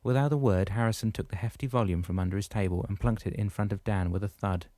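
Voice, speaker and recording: A male audiobook narrator with a low, mellow voice reads scripted narration. His storytelling is steady and measured, and the recording is dry.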